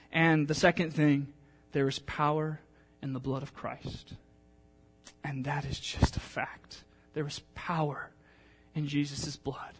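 A male pastor preaching a sermon, telling a personal story in a chatty, emotional way with many fillers, then reading scripture aloud. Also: on the high side.

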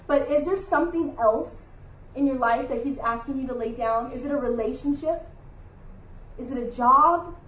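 A woman with a high voice gives an earnest, confessional devotional teaching. Her heartfelt words ring out in an echoey room. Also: distant mic. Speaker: Bible study speaker.

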